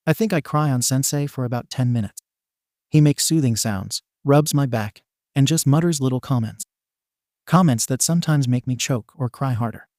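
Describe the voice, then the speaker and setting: A man's voice: mid-range voice, moderate pace, a little mellow, no echo. Man reading a story, dry close sound. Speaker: narrator. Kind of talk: reading a fan fiction story aloud.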